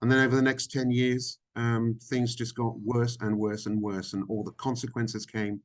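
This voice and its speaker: A middle-aged man speaking frankly as a podcast guest, reflective and halting, with many ums. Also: mid-range voice, flat delivery. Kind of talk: candid interview conversation.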